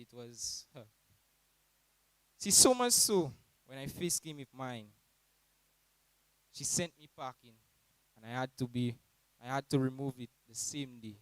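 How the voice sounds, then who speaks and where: A young man in his late teens with a Saint Lucian accent, giving an animated, humorous graduation speech about his teachers. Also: clear, resonant tone, no room sound, low-quality recording. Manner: animated, mimics teachers in high voices.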